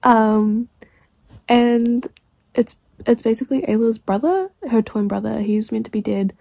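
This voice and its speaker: A woman chatting casually in a reading vlog, rambling and excitable, swearing freely and sometimes dropping to a hushed near-whisper. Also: a little high, a little slow, gravelly, no room sound. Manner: drops to a hushed near-whisper late at night. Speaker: book vlogger.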